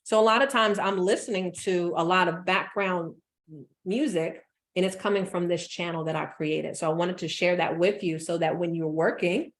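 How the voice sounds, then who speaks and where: A woman business coach giving an energetic motivational talk, repeating phrases for emphasis. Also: fairly low pitch, moderate pace.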